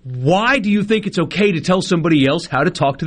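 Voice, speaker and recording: Animated indignant man telling a story. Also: high voice, fast talker. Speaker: sports radio co-host. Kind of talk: casual radio banter.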